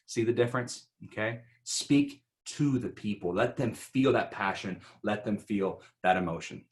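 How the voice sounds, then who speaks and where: A man giving an instructional talk on speaking in online interviews, animated and rhetorical, often checking in with "right?". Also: fairly low pitch, unhurried. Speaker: presenter.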